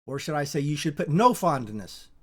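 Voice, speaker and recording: A Bible teacher giving an informal spoken lesson, halting and repetitive, often restarting words and repeating points for emphasis. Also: medium pitch, lively intonation.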